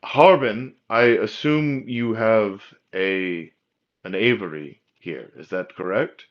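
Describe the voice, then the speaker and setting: A man voicing a steady, dutiful male town official who speaks in a formal, measured way. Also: fairly low pitch, pitched above the performer's own voice. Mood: earnest. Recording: dull lo-fi audio.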